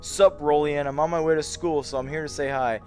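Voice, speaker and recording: A man's voice: fairly high pitch, steady tone, brisk, a little mellow, soft background music. A tired young man chatting casually on a late-night livestream, yawning and rambling as he greets his chat by name. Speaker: VR streamer.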